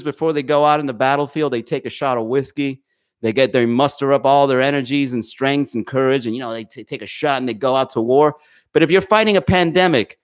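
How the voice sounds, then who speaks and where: A man hosts a live comedy podcast from home, talking into a desk mic. His voice sits a little high for a man, and he swears freely while calling out chat viewers by name. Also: clean tone. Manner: profane, animated, talks to chat viewers. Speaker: podcast host. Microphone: desk microphone.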